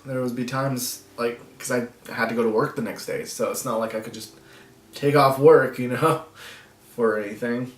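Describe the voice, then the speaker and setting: Soft-spoken man, halting, echoey room. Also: mid-range voice, steady tone, far from the mic. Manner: soft, halting, with nervous laughs and long pauses. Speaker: vlogger. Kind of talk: personal vlog talking to camera.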